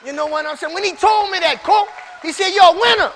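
A man preaches a sermon in loose, casual street talk, repeating phrases over and over. His voice sits very high and bright. A congregation can be heard faintly in the room. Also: fast, a faint crowd, slight background noise. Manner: builds from quiet storytelling to shouted call-and-response preaching.

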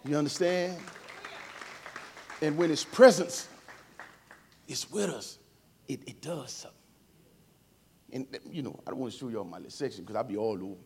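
A man preaching a sermon in a church service. He talks informally and emotionally, swinging from quiet and tender to loud calls to the congregation, with playful asides. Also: mid-range voice, normal speed, creaky, long pauses, a faint crowd, a little hiss or hum.

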